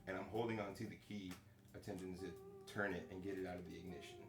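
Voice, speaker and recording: A man's voice: sits low, fairly even intonation, fast. A young man on a podcast, telling a story in a casual, profane way with lots of fillers. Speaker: podcast co-host. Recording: echoey room with music behind.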